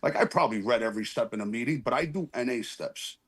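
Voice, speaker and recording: A man shares at a recovery meeting from his phone on a video call, earnest and rambling, apologizing for his swearing in a casual, heartfelt way. He talks fast in a medium-pitched, slightly bright, husky voice.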